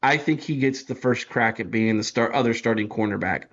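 Casual podcast co-host, dull sound. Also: male voice, mid-range voice, a little fast. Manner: talks through player lineups, stumbling over names. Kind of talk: casual sports chat.

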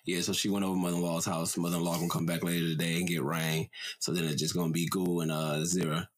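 A man's voice: deep voice, flat delivery, fast. A young adult man co-hosting a casual podcast chat, rambling loosely with lots of fillers and cussing. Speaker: podcast co-host.

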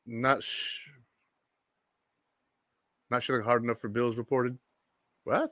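A man hosting a casual sports talk stream, reading viewer comments and joking in quick, energetic bursts. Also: medium pitch, no echo, clean studio sound. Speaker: sports show host.

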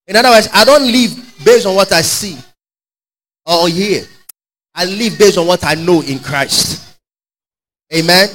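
A man preaching a sermon, fervent and call-and-response, swinging from shouts to quiet asides. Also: high voice, measured pace, long pauses, rough recording.

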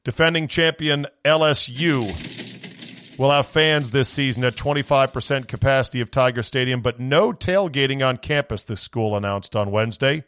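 A man rants through his podcast in a sarcastic, profane voice, strained from shouting. His pitch sits in an ordinary middle range. The recording is close and dry, with no room sound. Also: moderate pace, clear, resonant tone, no room sound. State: voice going from screaming. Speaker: podcast host. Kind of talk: casual podcast rant.

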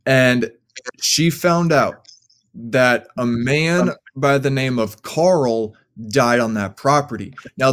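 A young adult man, a podcast guest telling a story casually, rambling with many fillers. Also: mid-range voice.

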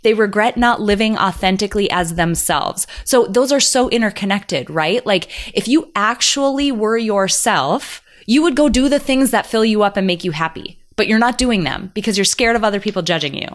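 A woman's voice: medium pitch, moderate pace, hardly any pauses. A woman in her thirties hosting a podcast, talking in an upbeat, emphatic and earnest way. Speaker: podcast host. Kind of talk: casual conversation.

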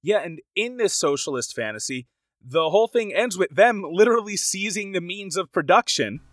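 Animated man on a dry mic. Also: high voice, normal speed, dry recording. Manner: animated, quotes crowds in raised voices, gets emotional. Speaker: podcast co-host. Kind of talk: casual film discussion podcast.

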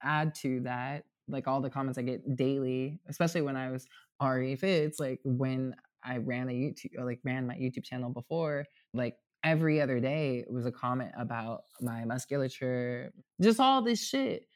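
At a normal pace and medium pitch, a man in his thirties talks openly and at length as a guest. It's a casual, heartfelt conversation recorded in his apartment, meandering with lots of "like" and easygoing profanity.

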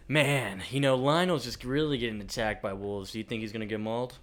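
A man's voice: mid-range voice, brisk. A man co-hosting a casual podcast, recapping a TV episode and mocking his partner's theories. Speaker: podcast co-host.

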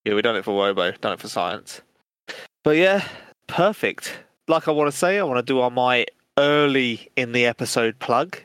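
A man's voice: medium pitch, expressive, moderate pace, a bit bright, clear, resonant tone, no echo. A man co-hosting a podcast, playful and laughing a lot in casual banter. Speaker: podcast co-host.

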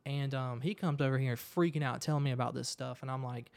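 A man, a guest on a conversational show, telling a personal story in a lively way and often repeating words as he goes. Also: medium pitch, fast talker, gravelly.

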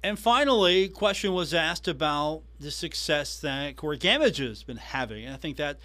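Man, sports podcast host, somewhat high voice, emphatic recap delivery. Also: animated, moderate pace, pushed and bright.

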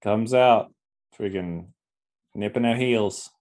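A man with a lowish, darkish voice speaks slowly as he co-hosts a casual comic review podcast. He's blunt and swears heavily, acting out characters when he quotes lines.

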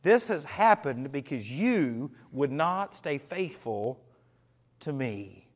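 A man leading an evening Bible study as pastor, earnest, slowing and dropping his voice for emphasis and asking the group questions. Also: a little high, sing-song.

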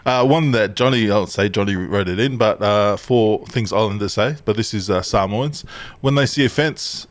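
A man's voice: lowish voice, normal speed, dry recording. A man co-hosting a casual podcast, reading out listener lists and chuckling as he goes. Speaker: podcast co-host.

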